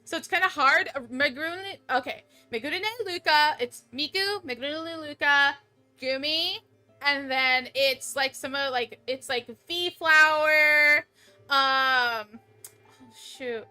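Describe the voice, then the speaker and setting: A woman's voice: sits high, slow pace, bright, forceful tone, soft background music. A woman streaming games, chatting casually with a bubbly, squealing manner and lots of laughter, into a desk mic. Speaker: VTuber streamer. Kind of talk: casual live-stream chat.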